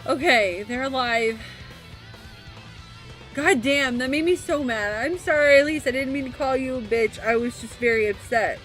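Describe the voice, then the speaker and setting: A woman with a high voice streams a game and reacts out loud, openly emotional and quick to swear. Soft game music runs underneath her talk. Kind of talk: casual gameplay commentary.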